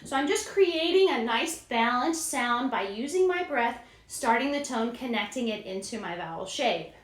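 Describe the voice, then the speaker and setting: A woman vocal coach giving a singing lesson, explaining clearly and demonstrating sounds in a friendly way. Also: a little high, lively intonation, normal speed. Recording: roomy echo.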